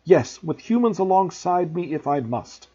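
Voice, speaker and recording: A man voicing a calm, grave young male centaur in a measured, solemn way, on a dull lo-fi recording. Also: on the high side, voice pushed up. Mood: indignant.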